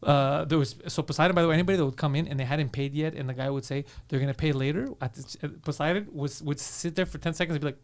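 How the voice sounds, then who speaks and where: A man co-hosting a comedy podcast, telling animated stories in casual chat and laughing often. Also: fairly high pitch, fast talker, hardly any pauses. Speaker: comedian co-host.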